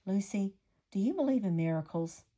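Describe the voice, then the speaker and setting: A woman reading the lines of a kind, earnest young male singer in a soft, gentle, pleading way. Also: medium pitch, animated, moderate pace, voice pushed up, close to an everyday voice.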